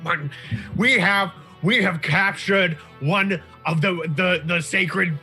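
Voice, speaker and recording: A man voicing a brash tabaxi impostor in a cultist's robes, blustering and swearing as he shouts down guards. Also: sits high, takes it slowly, faint music behind, pitched above the performer's own voice, full character voice. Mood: indignant.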